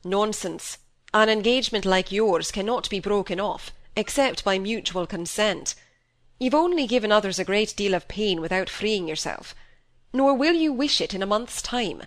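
A woman reading an audiobook, voicing a grave, fatherly older male doctor who speaks slowly and with measured reason. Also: medium pitch, expressive, natural voice. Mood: stern. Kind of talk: audiobook character voice.

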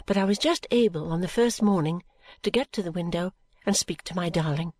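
A woman reading a novel in first person, in a measured, gentle way. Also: fairly low pitch, no echo. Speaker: audiobook narrator. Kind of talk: first-person audiobook narration.

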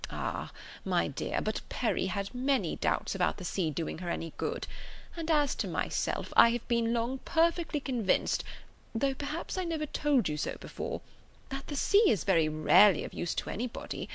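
Woman reading as a fussy, fretful old gentleman. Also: mid-range voice, big pitch swings, moderate pace, gravelly. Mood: fretful fondness. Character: fussy anxious elderly gentleman, fond father.

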